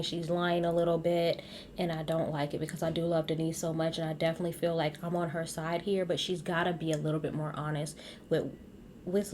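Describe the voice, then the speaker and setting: A woman hosting a casual reality TV recap, blunt and animated, talking straight to her viewers. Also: on the low side, a little hiss or hum.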